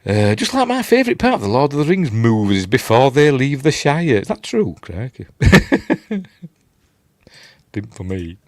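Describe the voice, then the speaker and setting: A man's voice: medium pitch, sing-song, a little slow, a little mellow, dry recording, studio quality. An older man with a Yorkshire accent hosting a casual live-stream chat, rambling and self-deprecating as he reads out viewer comments. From Yorkshire, England. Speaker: host. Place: at home late at night.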